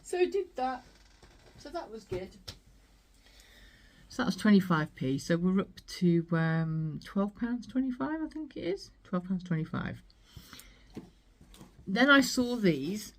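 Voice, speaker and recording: A woman's voice: mid-range voice, animated, measured pace, a little hiss or hum. A woman vlogging her thrift finds in a chatty, rambling way, laughing often. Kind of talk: casual chat.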